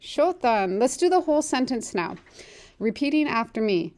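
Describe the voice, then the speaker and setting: A woman teaching a language lesson, saying model phrases slowly and clearly for learners to repeat, then explaining more quickly. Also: a little high, big pitch swings, a little mellow.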